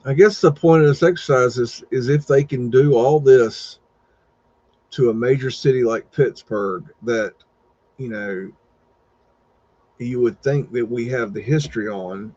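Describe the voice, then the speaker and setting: A man's voice: medium pitch, measured pace, darkish tone. A man hosting a live show, casually talking through old photos with rambling, chuckling asides. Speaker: host. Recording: dull, dry lo-fi sound.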